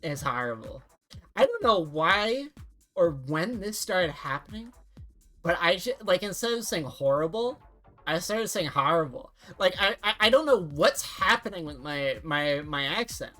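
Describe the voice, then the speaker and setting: A young adult woman streamer chatting casually, rambling and halting with many restarts and the odd swear. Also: fairly low pitch, lively intonation, bright, forceful tone, soft background music.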